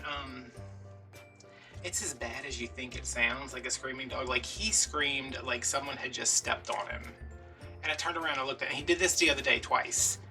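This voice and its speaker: Man, very bright voice, chatty storytelling, slightly distant mic, faint music behind. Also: medium pitch. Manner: chatty, animated retelling with quoted dialogue. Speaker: vlogger. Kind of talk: casual storytelling while crafting.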